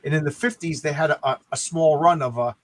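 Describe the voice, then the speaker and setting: Rambling higher-voiced man talking comics. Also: a little fast, no room sound. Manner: rambling, repeats words while thinking. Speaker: podcast co-host. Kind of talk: casual comic book discussion.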